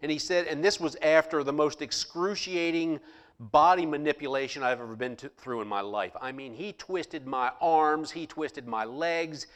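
A man telling a personal story to listeners in a lively way, acting out the people he quotes. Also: fairly high pitch, normal speed. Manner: animated, acts out the people he quotes. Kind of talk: personal anecdote told to listeners.

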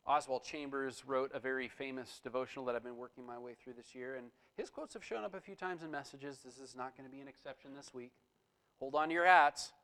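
A man's voice: medium pitch, quick pace, few pauses, a bit bright, rough recording. A middle-aged man preaching a sermon as pastor, conversational and personal, with emphatic bursts.

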